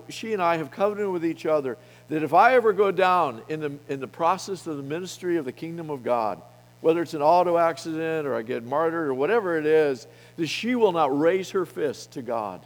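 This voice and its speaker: A middle-aged man preaching a sermon to a men's gathering, speaking boldly and emphatically, with his loudness rising and falling widely. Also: a little high. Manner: bold, emphatic preaching with wide swings in loudness. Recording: long reverb of a hall.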